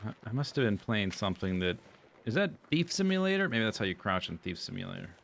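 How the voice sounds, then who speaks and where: Man, streamer, low voice, sarcastic self-talk, casual gameplay chatter, faint background hiss. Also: huge pitch swings, quick pace, vocal fry, fairly bright tone.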